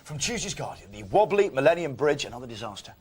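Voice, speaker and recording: A man presenting a live breakfast TV show, joking quickly and laughing through his lines. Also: mid-range voice, big pitch swings, slightly rough. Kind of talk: jokey live studio banter. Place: live TV studio with audience. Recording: studio with music and crowd noise.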